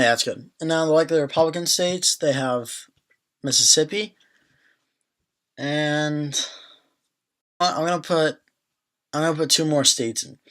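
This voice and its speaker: A man's voice: on the high side, fairly bright tone. A young man hosting a casual election prediction video, thinking aloud with fillers and restarts as he goes through an electoral map. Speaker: political prediction video host.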